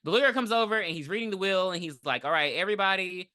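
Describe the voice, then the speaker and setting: A podcast co-host recapping a movie in casual, profane chat, animated and mimicking the characters. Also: medium pitch, quick pace.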